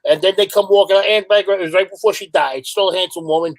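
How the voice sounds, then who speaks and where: A hardcore musician guesting on a show, he's a middle-aged man with a New York accent whose high voice stays fairly even while he talks fast. His casual chat drifts into rambling, profane stories, and the audio is poor.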